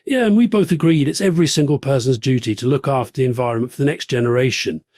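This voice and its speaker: A man's voice: mid-range voice, fast, a little mellow, dry recording, studio quality, natural voice. A man doing a smug, boastful podcast host. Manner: boastful, name-dropping, rambling. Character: pompous jet-setting male podcast host, smug. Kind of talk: satirical podcast parody.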